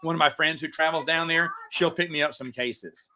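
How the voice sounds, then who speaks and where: A man's voice: fairly high pitch, steady tone, normal speed, sharp tone, a little hiss or hum. A man hosting a casual livestream, answering viewer chats in a rambling way with frequent stammers and restarts.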